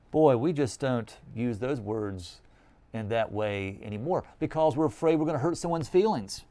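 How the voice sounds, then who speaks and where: A male priest, reading the Gospel and preaching with emphatic, slowed-down stresses. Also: medium pitch, animated, dark tone.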